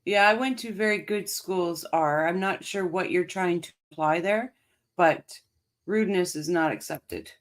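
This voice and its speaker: A woman's voice: fairly low pitch, unhurried. A woman hosting a casual livestream, laughing and chatting with viewers in the chat. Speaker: livestream host reading chat.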